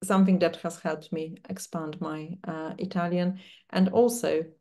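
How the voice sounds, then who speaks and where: A woman with an English accent giving a teacher-training talk to fellow language teachers, speaking conversationally with frequent pauses. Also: fairly low pitch, level tone, warm tone.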